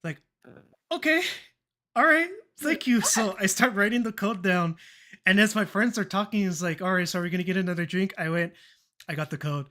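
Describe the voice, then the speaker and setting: Young adult streamer, mid-pitched voice, loose chatty storyteller who swears and laughs along, acts out every quoted line. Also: fairly even intonation, a little fast, fairly bright tone. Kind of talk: casual storytelling chat.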